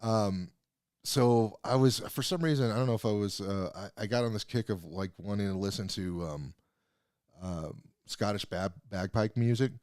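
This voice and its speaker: A comedian co-hosting a podcast tells rambling stories in profane, casual chat, laughing often. His voice is lowish and darkish at a normal speed, recorded dry with studio quality.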